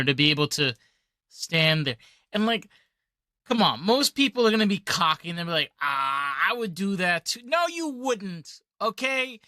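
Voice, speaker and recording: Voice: medium pitch, pushed and bright, smooth, dry recording. A podcast host in casual interview chat, talking in emphatic, rambling asides.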